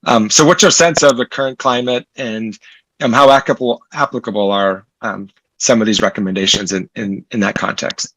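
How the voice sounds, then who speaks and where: A man's voice: lowish voice, brisk, fairly bright tone, husky, no echo, low-quality recording. A man from Puerto Rico hosting an interview, asking thoughtful questions and tagging on "right?". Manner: thoughtful, frequent "right?" tags and restarts. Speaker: interview host. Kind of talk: conversational interview.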